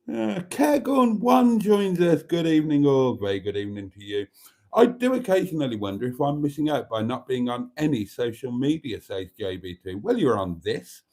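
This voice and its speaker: Theatrical man, lively mellow voice. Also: medium pitch, fairly quick. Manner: theatrical, calls viewers darlings, mock-grand phrasing. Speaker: live-stream host. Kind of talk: casual live-stream chat reading viewer comments.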